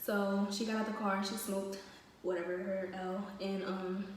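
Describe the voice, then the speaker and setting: A woman's voice: medium pitch, little pitch movement, a little slow, far from the mic. A woman chats through a casual storytime vlog, packed with fillers as she goes. She sits well back from the mic in a very echoey room, with a faint hiss of noise underneath. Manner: chatty, with many fillers.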